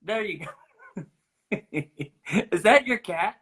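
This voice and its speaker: A man's voice: high-pitched, slow, fairly bright tone. A middle-aged man riffing playfully in casual chat on a video call from home. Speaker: guest.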